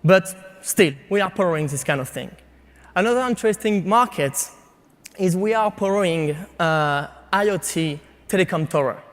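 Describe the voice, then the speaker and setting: A man with a French accent giving a startup pitch to an audience, speaking haltingly with frequent fillers and restarts. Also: lively intonation, in a large hall. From France. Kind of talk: competition pitch presentation.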